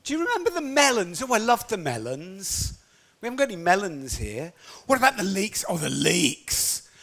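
A man's voice: high-pitched, sing-song, normal speed, creaky, a bit bright, heavily acted. A man voicing the grumbling Israelites, who moan in a whiny, wistful way. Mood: whining. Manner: whiny, nostalgic moaning.

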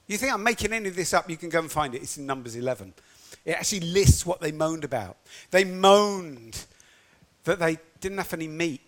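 A man preaching a sermon in an animated storytelling manner, acting out quotes as he goes. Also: on the high side, brisk.

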